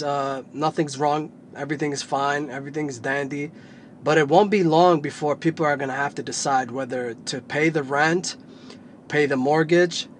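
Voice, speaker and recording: A man from New Jersey speaks to his viewers in a plain, explaining way, his pitch a little high for a man. A faint hum of traffic runs behind him. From northern New Jersey. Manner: plain-spoken, explaining with examples. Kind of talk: casual talk to camera.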